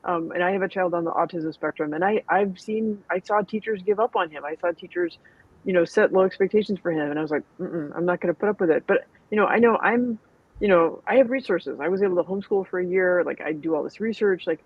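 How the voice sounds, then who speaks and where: A woman host chatting casually and fast, with many filler words. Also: lowish voice, breathy edge, dry recording, dull audio. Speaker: podcast host. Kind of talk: casual chat.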